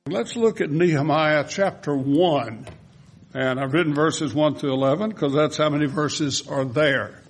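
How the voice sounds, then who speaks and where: A man's voice: fairly high pitch, a little slow, faint music behind. A man with a Southern US accent preaching a sermon, reading scripture aloud and stopping to explain word meanings. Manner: explains word meanings between verses, reads prayers with rising intensity. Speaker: pastor.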